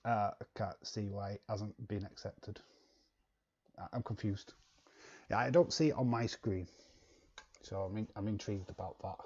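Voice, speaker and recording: A man's voice: on the low side, moderate pace, long pauses, darkish tone, husky, dull audio. A man hosting a live stream, chatting bluntly and casually while reading viewer comments. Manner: chatty, blunt, laughs often.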